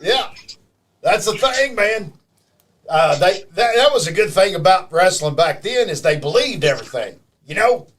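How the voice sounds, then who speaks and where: A man in casual wrestling chat who laughs a lot and bursts out loudly. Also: high-pitched, animated, moderate pace. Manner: laughs often, bursts into shouting. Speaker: wrestling podcast guest.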